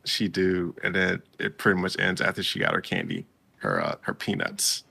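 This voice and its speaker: A man's voice: low voice, big pitch swings, moderate pace, gravelly, pushed and bright, slightly rough. A man in casual chat as a podcast co-host, recapping an episode in a laid-back way and acting out characters' lines.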